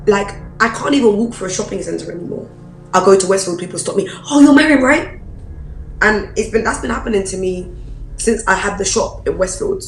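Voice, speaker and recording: A woman pastor, preaching a personal testimony in an animated storytelling way. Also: medium pitch, vocal fry, roomy sound, low-quality recording. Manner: animated storyteller, acts out quoted voices.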